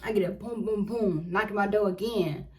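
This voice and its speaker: A woman's voice: medium pitch, moderate pace, a little hiss or hum, low-quality recording. A woman in her twenties telling a story casually and with animation, full of slang, acting out what she said back then. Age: 20s. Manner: animated, slangy, acts out her own quotes. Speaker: vlogger.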